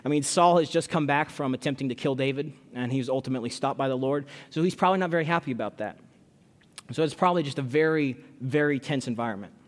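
A man's voice: medium pitch, quick pace. A man preaching an expository sermon, reading scripture aloud and explaining it in a conversational way, often repeating his words as he goes. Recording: long hall reverb.

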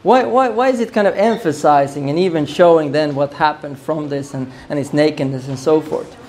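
A man's voice: fairly high pitch, fairly quick, darkish tone, slight background noise. A man teaching on a Bible passage in a sermon style, musing aloud and repeating phrases as he works through the text. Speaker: preacher.

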